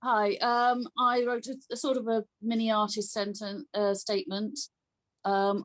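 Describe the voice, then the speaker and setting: A woman on a video call slowly and hesitantly reading her short artist statement. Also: medium pitch, flat delivery. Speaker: workshop participant.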